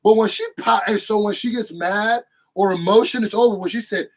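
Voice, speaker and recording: A man giving an excited, slangy, casual movie review with bursts of shouting and laughter. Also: high voice, fairly quick, rough recording.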